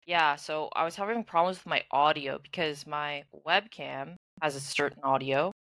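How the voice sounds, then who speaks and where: A woman's voice: deep voice, moderate pace, a bit bright, dry recording. A young woman co-hosting a podcast, rambling casually and full of "like". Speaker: podcast co-host and streamer. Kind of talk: casual chat.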